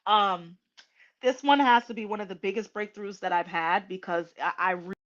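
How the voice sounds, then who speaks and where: A woman host talking slowly and emotionally to her viewers, with many pauses, ums and restarts, near tears. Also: medium pitch, a bit bright, highs cut off. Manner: tearful and emotional. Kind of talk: casual heartfelt livestream talk.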